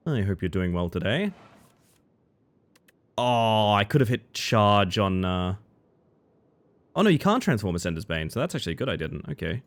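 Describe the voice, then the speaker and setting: While playing cards on stream, this man talks to his chat in a casual, animated way, throwing in playful mock-dramatic outbursts. His voice is on the low side and moderately paced, and he pauses often.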